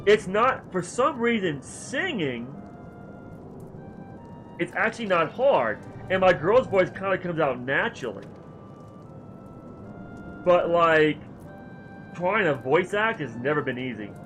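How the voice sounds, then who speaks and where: A man streaming a video game, chatting in an animated, rambling, self-deprecating way. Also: sits high. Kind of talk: casual chat while livestreaming a game.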